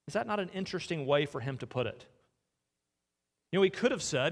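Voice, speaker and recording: A man delivers a sermon from the pulpit, earnest and personal, often turning to ask his listeners pointed questions. His voice sits slightly high for a man. It rings out in a church with a long, trailing reverb. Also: animated, brisk. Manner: earnest, asks the congregation direct questions. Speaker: pastor. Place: church sanctuary.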